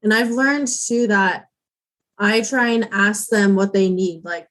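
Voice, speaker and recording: A woman of medium pitch hosts a podcast. She asks probing questions and gives supportive advice in a casual, candid way. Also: slow, a bit bright. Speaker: podcast host.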